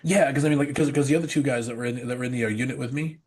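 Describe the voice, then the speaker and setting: A man talks quickly in a husky voice, telling a personal story as a podcast guest. He is earnest and rambling, circling back with repeated phrases as he goes. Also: mid-range voice.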